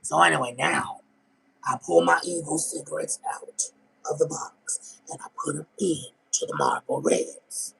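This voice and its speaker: A man's voice: a little high, normal speed, vocal fry, pushed and bright, husky, full character voice, poor audio. A man voicing a brash, crude trailer-park woman smoker who rambles through gossip in a comedic character monologue.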